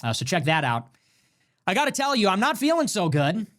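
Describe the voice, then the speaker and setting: A man holds forth on his livestream in a loud, emphatic rant, swearing freely as he goes. His voice sits a touch high for a man, and he pushes through even though he is sick with a fever. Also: a little fast. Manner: animated, emphatic, swears often. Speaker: livestream show host. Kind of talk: ranting livestream monologue.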